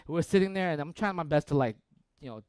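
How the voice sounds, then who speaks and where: A man preaching a sermon as a pastor, telling a story conversationally with frequent "right?" and swinging between loud bursts and hushed near-whispers. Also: a little high, expressive, fast talker, clean tone, no echo.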